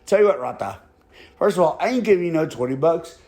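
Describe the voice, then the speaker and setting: A man's voice: on the high side, lively intonation, a little mellow. A man doing a stern neighborhood boss. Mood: threatening. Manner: slow, threatening, mixes in Spanish phrases. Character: stern middle-aged male neighborhood boss.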